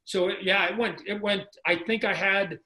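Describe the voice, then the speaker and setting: Guy on a zoom call telling stories, high-ish voice, acts out quotes n sound effects, roomy echo. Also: normal speed. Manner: animated storyteller acting out quotes and sounds. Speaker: guest, comic book creator. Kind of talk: casual podcast conversation. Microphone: video call. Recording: roomy video call audio.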